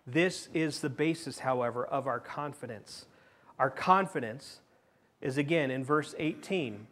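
A male pastor delivering a sermon in a church, his voice sitting a little higher than most men's. He preaches with lively swings between loud, emphatic questions and soft, close asides, and slips in playful jokes along the way. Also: normal speed. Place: church sanctuary.

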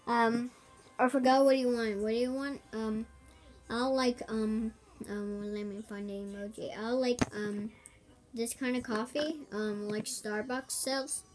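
A woman's voice: a little high, fairly even intonation, slow pace, soft background music. A woman giving casual gameplay commentary, hesitant and giggly, with lots of ums. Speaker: gamer.

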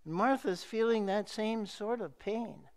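A middle-aged male pastor delivering a sermon in a slow, measured preaching manner with emphatic repeated phrases. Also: sits high, smooth.

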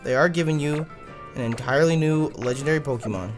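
A man hosting a let's play, giving casual gameplay commentary in an animated, exasperated way and swearing freely. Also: on the high side, fast, music in the background.

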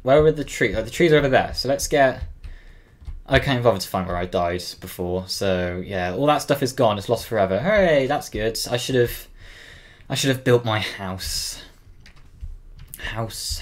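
A man's voice: mid-range voice, animated, moderate pace. Flustered teenage lad swearing at his game. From Cornwall, England. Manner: swearing, flustered, yelps when scared. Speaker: gaming channel host. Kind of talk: casual gameplay commentary.

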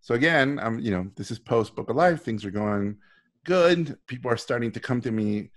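A man's voice: medium pitch, expressive, normal speed. A middle-aged man, a guest on a live video call, telling stories animatedly, acting out quoted voices and swearing freely. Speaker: guest speaker. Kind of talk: casual storytelling on a live video talk.

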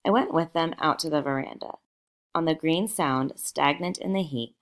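A woman narrating a novel aloud in a measured, expressive storytelling manner. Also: deep voice. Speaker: audiobook narrator.

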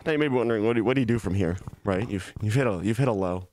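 Racing along in a lowish, darkish voice, a male streamer does a comic, mock-sad bit of self-pity in casual stream chat, laughing as it breaks. He's in his office, seated on a beanbag.

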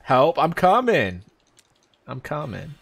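A young man streaming a live video game playthrough, excitable and laughing often, his voice leaping up into high squeals. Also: slow, creaky, slightly rough. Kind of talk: live gameplay commentary.

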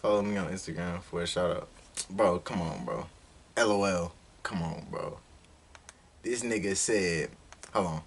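A man reacting to a music video in a casual vlog, loud and excitable, full of street slang and swearing. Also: low voice, measured pace, pauses often, slight background noise.

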